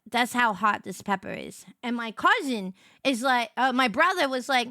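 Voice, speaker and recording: A woman's voice: a little high, normal speed, bright, forceful tone, dry recording, clean studio sound. A young woman streamer chatting casually on a livestream, telling stories animatedly and greeting viewers by name.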